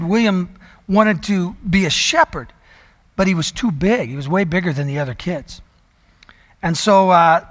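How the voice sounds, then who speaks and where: A man preaching a sermon, telling a story and slowing down to stress key words. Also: high-pitched, a bit bright, in a large hall. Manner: storytelling preacher, slows down for emphasis. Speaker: pastor.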